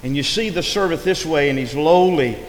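A man's voice: a little high, fairly quick. A man preaching a sermon in a rising and falling preaching cadence, often stressing his words. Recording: echoey hall with long reverb, faint noise.

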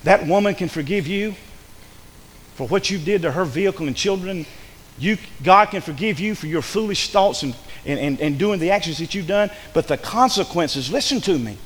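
Pastor preaching loud and animated, bit high voice, long church hall echo. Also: male voice, moderate pace, husky. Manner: emphatic, acts out quoted speakers. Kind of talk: sermon. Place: church sanctuary.

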